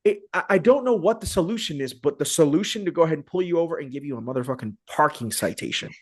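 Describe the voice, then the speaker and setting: Podcast host, man, slightly high voice, emphatic and repetitive in casual chat. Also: lively intonation, quick pace. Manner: emphatic, repeats words while building a point.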